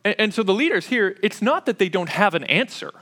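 A man preaching an expository sermon, explaining step by step in a conversational way with frequent pauses and fillers. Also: sits high, lively intonation, sharp tone.

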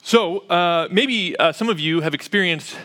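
A man's voice: high voice, a little slow, fairly bright tone. A man preaching a sermon in a church, conversational and sprinkled with "uh" fillers. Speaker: pastor.

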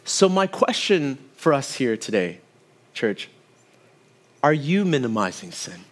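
A man's voice: mid-range voice, big pitch swings, measured pace. A man in his thirties preaching a sermon to his church, telling family stories and asking the congregation to respond. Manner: storytelling with asides to the congregation. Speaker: pastor.

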